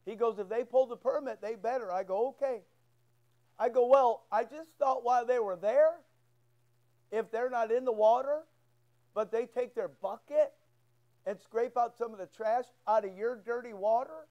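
A man's voice: extremely high pitch, moderate pace, mellow, lo-fi sound. A male pastor preaching a sermon in church, telling a folksy story and acting out both sides of a conversation. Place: church sanctuary.

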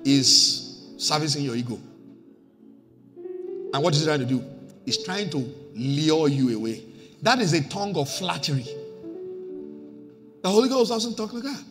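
Nigerian pastor, high, very lively voice, church hall reverb with faint music behind. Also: male voice, moderate pace, pauses often. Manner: emphatic, animated, mixes in Pidgin asides. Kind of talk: sermon.

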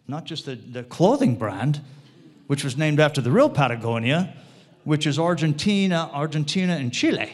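Rambling man lecturing, fairly high voice. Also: a little mellow. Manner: keeps checking in with the audience with tag questions; rambling, digressive delivery with restarts. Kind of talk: informal lecture to a live audience.

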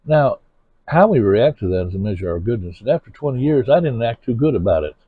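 A male pastor preaches with earnest, searching questions aimed straight at his congregation. His low voice sounds husky. The recording is dry and tinny, like it came over a phone line. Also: very animated, fast, dry recording. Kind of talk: sermon.

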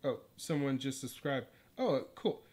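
A man's voice: mid-range voice, expressive, measured pace, a little mellow. A man chatting casually on a livestream while assembling a computer, rambling and self-deprecating, sometimes drifting away from the mic. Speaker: livestreaming artist.

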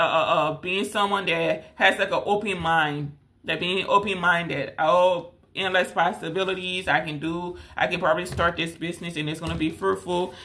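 Speaking straight to the viewer, this woman gives an offhand tarot reading full of fillers, repetition and rambling. Her lowish voice sounds pushed and bright, and her delivery is emphatic.

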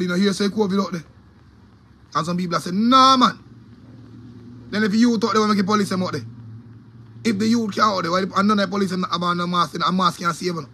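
A man's voice: sits high, sharp tone, slight background noise. A man with a Jamaican accent, a DJ delivering an angry, profane, repetitive rant about his opinions. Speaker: DJ giving opinions.

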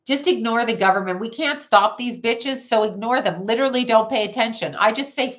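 A woman's voice: fairly high pitch, a little fast, hardly any pauses, fairly bright tone. A woman hosting a psychic livestream from home, chatting casually and bluntly with viewers and swearing freely as she reads their comments. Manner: blunt, profane, talks back to chat.

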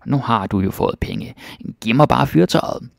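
A man's voice: on the low side, fairly even intonation, fairly quick, creaky, no room sound, studio quality. A man reading as a snappy old witch. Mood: dismissive. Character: scheming old female witch, sharp and secretive.

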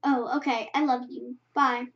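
Brief: girl reading as a calm, sorry-sounding mom, high voice, muffled lo-fi sound. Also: unhurried. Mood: gentle. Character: gentle, apologetic mother. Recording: muffled lo-fi recording.

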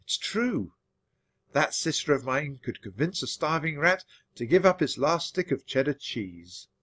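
A man reading a children's book aloud for English learners, with expressive, animated storytelling. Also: a little high, a little slow. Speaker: storybook reader.

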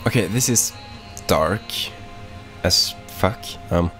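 A man's voice: sits low, takes it slowly, music in the background. A man giving casual, rambling let's-play commentary, swearing freely and talking offhandedly as he plays. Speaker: gaming YouTuber.

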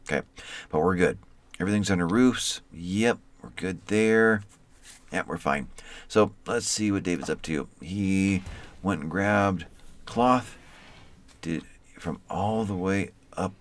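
A man casually commenting on his colony game as he plays, talking to the colonists by name in an easygoing way. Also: deep voice. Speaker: let's play host.

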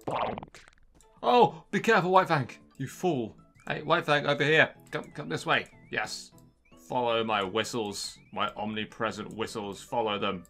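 A young man narrating a handheld game as he plays, excitable and jokey. He keeps talking straight to the little characters on screen. His voice is bright and forward, with soft game music faintly behind him. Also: mid-range voice. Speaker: gaming channel host. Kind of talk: let's-play commentary.

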